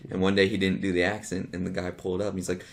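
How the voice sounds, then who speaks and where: Laid-back young man, low voice. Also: monotone, racing. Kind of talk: casual chat.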